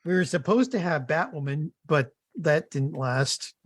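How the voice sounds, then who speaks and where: A man's voice: a little high, expressive, measured pace, no echo, clean studio sound. A man on a podcast chiming in with short interjections in casual chat. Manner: brief interjections. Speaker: podcast co-host.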